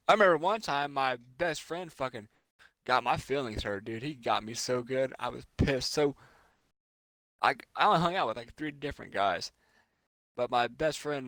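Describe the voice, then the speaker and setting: A man's voice: mid-range voice, lively intonation, brisk, a bit bright, no room sound. A young man co-hosting a podcast, telling crude stories in casual chat and laughing often. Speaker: podcast co-host.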